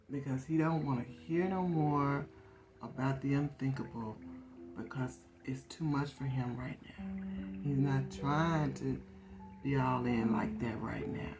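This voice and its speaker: A woman's voice: a bass voice, a little slow. A woman reading tarot in a casual, conversational way, repeating phrases for emphasis. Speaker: tarot reader. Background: soft guitar music.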